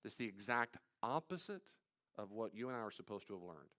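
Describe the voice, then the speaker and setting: A man leading a live church study, talking conversationally with playful asides and sudden loud acted-out quotes. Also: on the low side, animated, fairly quick. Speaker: pastor teaching a study. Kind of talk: live teaching talk on anxiety. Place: church room with live audience.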